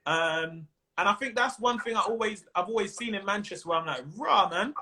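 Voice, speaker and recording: A man's voice: high-pitched, brisk, bright, forceful tone. A man with a London accent chatting casually and jokily as a comedian guest on a video call, full of slang. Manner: slangy, jokey, laughs often. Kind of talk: casual chat.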